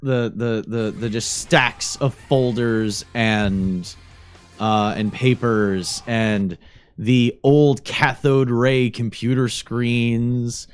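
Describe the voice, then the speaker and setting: A man narrating a tabletop role-playing scene as game master, describing the setting in a halting, searching way. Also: mid-range voice, fairly even intonation, clean tone, soft background music.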